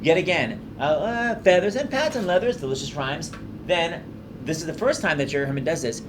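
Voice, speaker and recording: A man hosting a commentary on a musical, effusive and excitable, rambling with fillers as he explains what he loves. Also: fairly high pitch, brisk. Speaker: show host explaining a musical. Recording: voice-over over loud show music. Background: loud cast recording and orchestra.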